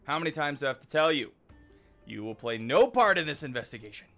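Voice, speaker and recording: A man's voice: fairly high pitch, big pitch swings, fast talker, pushed and bright, faint music behind, voice pushed up, exaggerated voice. Stern old engineer, read by a man.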